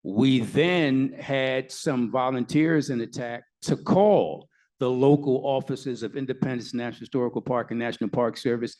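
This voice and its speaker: A man's voice: medium pitch, normal speed, a little mellow. A man speaking at a live panel with an ordinary middle-range voice. He tells his story emphatically, with wry asides for the audience. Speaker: activist lawyer panelist. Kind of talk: panel talk Q&A answer.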